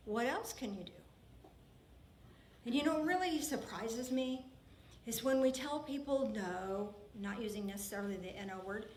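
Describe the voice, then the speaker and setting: A woman's voice: fairly high pitch, slight background noise. Earnest woman preaching in an echoey church. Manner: earnest and emphatic, often repeats phrases. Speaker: minister. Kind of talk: sermon. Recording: roomy church hall with faint ambience.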